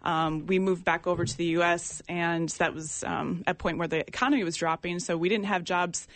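A woman's voice: fairly low pitch, steady tone, no echo. Earnest woman sharing her testimony. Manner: earnest, halting storytelling with many fillers. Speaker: ministry guest sharing testimony. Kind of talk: personal testimony in an interview.

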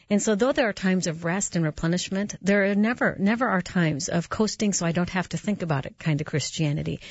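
Woman radio host, lowish voice, earnest chatty storytelling, dry and slightly muffled sound. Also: no room sound. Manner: earnest, conversational, with restarts and soft laughs. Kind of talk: Christian radio talk and personal storytelling.

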